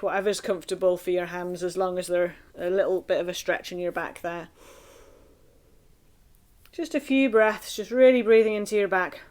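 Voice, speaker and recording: A woman leading a singing group through warm-up exercises, encouraging and playful, chanting rhythms and vocal sounds. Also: fairly low pitch, moderate pace.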